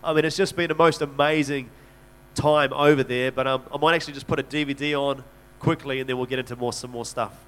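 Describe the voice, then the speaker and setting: A man's voice: medium pitch, fairly even intonation, quick pace, a bit bright, clean tone. A man speaking as a missionary in a church talk, telling stories earnestly and conversationally, often restarting his sentences. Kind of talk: church talk, personal storytelling.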